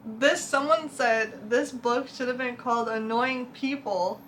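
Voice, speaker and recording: A woman's voice: a little high, a little slow, hardly any pauses, fairly bright tone, a little hiss or hum. A young woman, chatting casually and laughing often as a book vlogger reacts to reviews.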